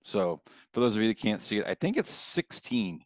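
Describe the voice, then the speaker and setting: A man with a fairly low voice co-hosts a casual podcast over a video call. He rambles through his stories with easy chuckles. The sound is dry and close. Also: sing-song, moderate pace, no room sound. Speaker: podcast co-host. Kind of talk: casual chat.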